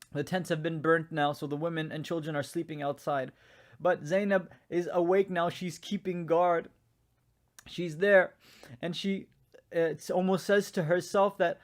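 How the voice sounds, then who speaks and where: A man telling a religious story at a mourning gathering, acting out the voices he quotes with rising pitch and force.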